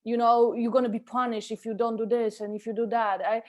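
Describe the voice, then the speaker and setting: Woman on a podcast, earnest, stops and restarts a lot, higher voice. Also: little pitch movement, a little mellow. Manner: earnest, halting, repeats words. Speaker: podcast co-host, guest. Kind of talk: casual conversation.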